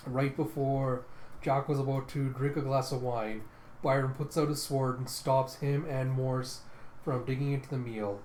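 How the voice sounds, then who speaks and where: A man's voice: mid-range voice, fairly even intonation, moderate pace, darkish tone. A man casually retelling a comic book, with many fillers. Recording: roomy room with faint noise.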